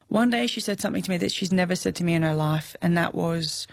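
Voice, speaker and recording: Candid Australian woman with a gravelly voice. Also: on the low side, fairly even intonation, quick pace, dry recording, studio quality. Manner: emotional, frank, laughs often, swears casually. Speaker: interview guest. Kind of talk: candid conversational interview.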